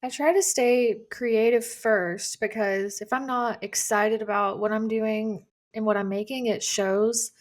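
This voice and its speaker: A woman's voice: a little high, fairly even intonation, unhurried, few pauses. A woman speaking as a guest in a casual interview, chatty and easygoing, with frequent fillers. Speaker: guest content creator.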